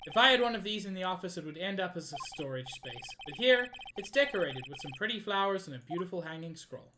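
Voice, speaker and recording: A woman's voice: lowish voice, lively intonation, fast talker, noisy background. A woman from Africa, playfully reading game dialogue aloud with joking asides. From South Africa. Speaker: game streamer. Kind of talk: playing and voicing a game live. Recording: game music underneath.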